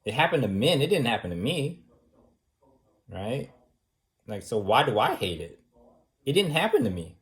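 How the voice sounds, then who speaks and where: A man's voice: medium pitch, sing-song, normal speed, pauses often, a bit bright. A man teaching a debate class in an informal, talky way, firing off repeated rhetorical questions and using casual fillers.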